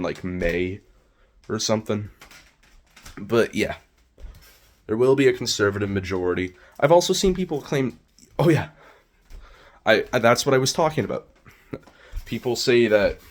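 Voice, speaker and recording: Man, low-pitched, opinionated casual monologue, rambling and self-correcting. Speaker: political commentator vlogger.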